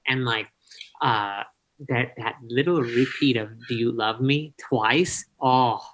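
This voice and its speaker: A man's voice: medium pitch, takes it slowly, fairly bright tone, low-quality recording. A man from the cast in a casual video chat, enthusiastic and searching for words with many restarts. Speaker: cast member.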